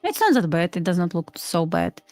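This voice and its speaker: A woman's voice: lowish voice, very animated, a little fast, a little mellow, no echo, soft background music. A woman from Belarus gives live trading commentary in plain, explanatory English with grammar. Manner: plain explanatory talk with non-native grammar. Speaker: futures trader co-host.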